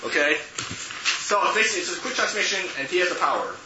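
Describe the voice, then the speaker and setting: A man leads a youth group lesson in a loose, chatty way, his voice sitting a little high. He keeps checking in with the group as he talks. The recording is muffled and noisy, with plenty of room echo. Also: very animated, racing. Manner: chatty, checks in with okay and right. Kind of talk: casual teaching to a group.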